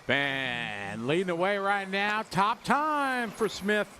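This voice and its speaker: A man's voice: high-pitched, animated, slow pace, bright, forceful tone, a little hiss or hum. A man from Wisconsin giving chatty, upbeat live race commentary and greeting viewers. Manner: chatty, upbeat, jokes with chat and co-host.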